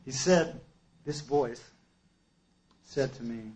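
A man giving a personal testimony at a recovery meeting, an emphatic storyteller who swings between loud outbursts and hushed asides. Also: fairly high pitch, normal speed, muffled recording.

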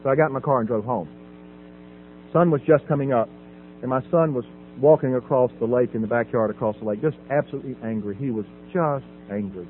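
A man's voice: medium pitch, a little fast, narrow, tinny audio, slight background noise. Middle-aged man testifying, phone-thin audio. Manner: dramatic, swings from loud emphatic to hushed quiet. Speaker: recovery meeting speaker. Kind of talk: personal testimony speech. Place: at a podium before an audience.

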